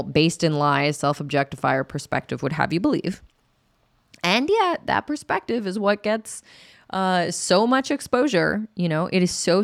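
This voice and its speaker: A woman's voice: low voice, dry recording, studio quality. A woman explaining sex and attraction in a candid, chatty way as an educator, acting out quotes with laughs. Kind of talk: casual educational talk to camera.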